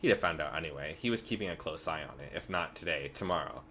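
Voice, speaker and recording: A man quietly reading aloud the lines of a cryptic girl changeling in a game. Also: a bass voice, lively intonation, fast, a little hiss or hum, exaggerated voice.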